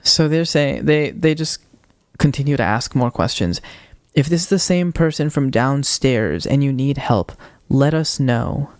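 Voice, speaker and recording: A young man on a podcast, retelling a ghost-hunting video with animated quoted voices in casual storytelling. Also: medium pitch, a little slow, no room sound, clean studio sound. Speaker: podcast co-host.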